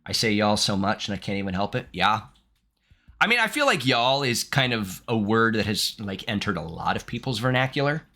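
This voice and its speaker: A man's voice: on the low side, very animated, a little fast, sharp tone. A young man from Southern Ohio, a streamer chatting casually with his chat while playing a game. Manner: chatty, reflective, reads game text aloud. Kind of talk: casual gameplay chat reading chat aloud.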